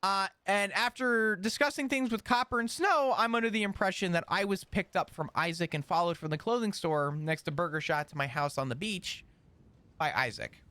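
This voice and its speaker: A man in character on a roleplay server, recounting a string of events in an animated, rambling way. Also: high voice, moderate pace, no echo.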